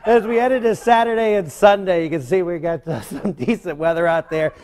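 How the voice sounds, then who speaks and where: A man's voice: high voice, a little fast, a little mellow. Chuckling TV weatherman. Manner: laughing, trying to keep composure. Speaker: weather forecaster. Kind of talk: live broadcast weather report.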